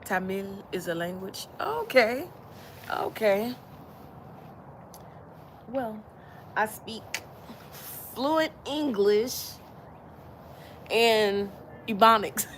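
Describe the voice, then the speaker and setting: A woman's voice: mid-range voice, lively intonation, drawn-out words, long pauses, slight background noise. A woman from Alabama with a Southern accent, hosting a casual livestream chat, easygoing and laughing often as she repeats her phrases. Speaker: livestream host.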